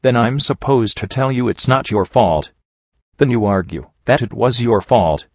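A man voicing a calm male unicorn morale officer who speaks softly but firmly. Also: medium pitch, unhurried, no echo. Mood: calm, sympathetic. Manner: soft but firm, calm. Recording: dull lo-fi recording.

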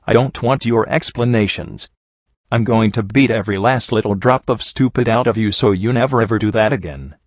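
Heartbroken young pegasus mare read by a man, low voice, dry muffled sound. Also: fairly quick, no echo. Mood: angry, tearful. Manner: emotional, pleading, sobbing delivery. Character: tearful young female pegasus pony, hurt and scolding.

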